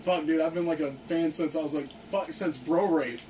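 A young man casually telling a story to friends, excited and profane, filling his talk with "like". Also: fairly high pitch, fast talker. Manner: excited, profane, heavy use of "like". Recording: distant mic with faint background noise.

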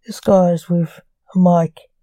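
A woman hosting a podcast, reading a story aloud in a calm, measured way. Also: fairly low pitch, no room sound. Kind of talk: scripted story narration.

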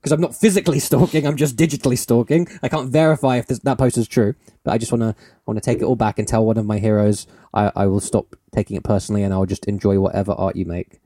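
A man co-hosting a podcast in casual chat, excitable and quick to laugh, swearing freely. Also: lowish voice, no room sound, clean studio sound. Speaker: podcast co-host.

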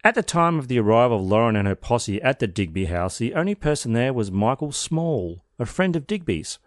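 A man's voice: mid-range voice, very animated, fairly quick, no room sound, studio quality. Wry man telling a crime story. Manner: wry, sardonic asides in a narrated case. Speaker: podcast host.

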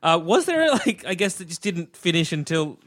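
A man's voice: high voice, very animated, normal speed, fairly bright tone. A man co-hosting a comedy podcast, talking in a rambling way full of "like" and "you know". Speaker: podcast co-host. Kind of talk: casual comedy chat.

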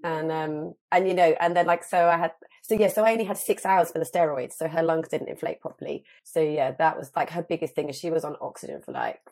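A woman in her thirties, a guest telling a story in animated casual chat, full of fillers. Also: low voice, quick pace.

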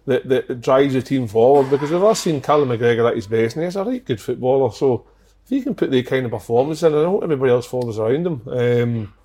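A Scottish man in a casual chat, talking earnestly with halting restarts. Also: mid-range voice, expressive, dark tone.

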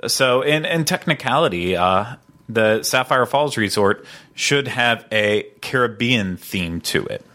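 A man's voice: mid-range voice, animated, a little slow, sharp tone. A man hosting a podcast in casual chat, rambling with lots of fillers and playful banter. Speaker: podcast host.

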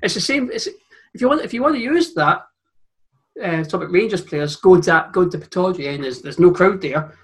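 A man's voice: high-pitched, expressive, normal speed. A Scottish man co-hosting a football podcast, rambling through stories with many restarts and laughing at his own anecdotes. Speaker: podcast co-host. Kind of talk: casual football chat.

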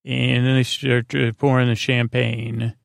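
Flat gravelly man rambling a recap. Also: mid-range voice, unhurried, no room sound, clean studio sound. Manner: meandering, many fillers and restarts. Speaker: podcast host. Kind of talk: rambling episode recap for sleep.

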